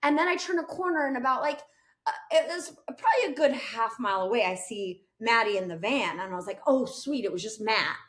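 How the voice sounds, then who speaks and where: A woman guest on a podcast telling a story in an animated way, acting out quotes and laughing often. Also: on the high side, brisk, echoey room. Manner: expressive, acts out quotes loudly, laughs often.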